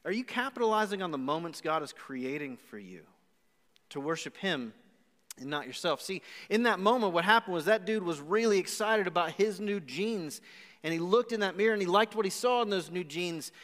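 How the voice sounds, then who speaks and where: A man with a high, bright-sounding voice preaches a live sermon and acts out the voices inside his story. The sound rings with a long church-hall reverb, recorded live in a large auditorium. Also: normal speed. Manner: animated storytelling with acted-out asides. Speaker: pastor.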